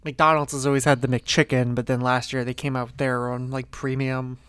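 A man co-hosting a casual podcast, chiming in in a laid-back, soft-spoken way. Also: medium pitch, little pitch movement, moderate pace, clear, resonant tone, no room sound. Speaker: podcast co-host. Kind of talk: casual chat.

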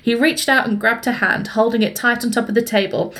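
A woman co-hosting a book podcast, playful and quick to laugh as she reads passages aloud. Her voice sits a little higher than most. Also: fairly even intonation, a bit bright. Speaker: podcast co-host. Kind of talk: casual book chat.

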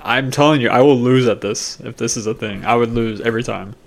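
A man's voice: medium pitch, brisk, gravelly. A man hosting a casual chat, trading dad jokes with friends, laughing often and swearing when a punchline lands. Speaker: host.

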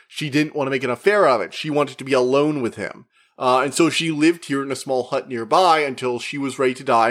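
A man's voice: medium pitch, a bit bright. Chatty man reviewing a movie. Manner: chatty, acts out quoted characters in quick put-on voices; rambling, with frequent fillers and restarts. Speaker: media reviewer. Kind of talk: casual spoken movie review.

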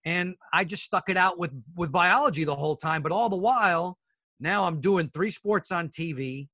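A middle-aged man, a guest sports broadcaster, telling animated stories in a casual interview and acting out the people in them. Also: high voice, moderate pace, dry recording. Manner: animated storyteller who acts out the other people in his stories; addresses the hosts as fellas.

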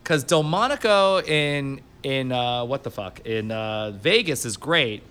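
A man chatting on his podcast in a casual, rambling way, with plenty of swearing. His pitch swoops up and down constantly as he talks. His voice sits at an ordinary middle pitch. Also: expressive, a little slow, fairly bright tone, smooth. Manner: profane, rambling storyteller. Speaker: podcast host.

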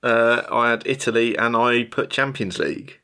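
A man's voice: medium pitch, normal speed, sharp tone, clean tone. A man taking part in a casual podcast quiz, giving dry, wry reactions. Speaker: quiz contestant.

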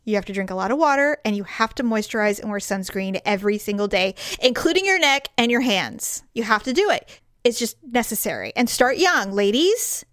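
Giggly chatty woman, high and dry. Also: expressive, a little fast, fairly bright tone, dry recording. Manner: laughs often, acts out quotes in high chirpy voices. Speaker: podcast co-host. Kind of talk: casual chat.

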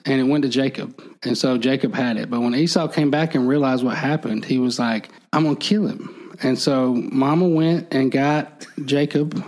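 A man's voice: medium pitch, normal speed, a little mellow, poor audio. A man in casual chat, retelling an old story and acting out the characters' lines in a lifted voice, laughing now and then. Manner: acts out the characters' lines with a raised voice; laughs easily while telling.

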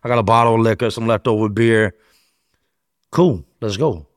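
A man telling a first-person story as a podcast guest, animated and slangy, acting out other people's lines as he goes. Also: lowish voice, moderate pace, no room sound, clean studio sound. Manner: animated storyteller, slangy, acts out quoted voices.

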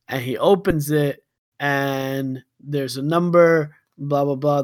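Slow-talking man improvising a story. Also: a little high, no echo. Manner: rambling, giggly, does quick silly impressions. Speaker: podcast co-host.

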